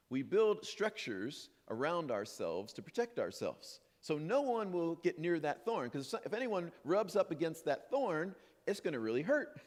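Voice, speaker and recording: A man giving a sermon as minister, playful and animated, acting out imagined voices. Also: fairly high pitch. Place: church sanctuary. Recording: long hall reverb.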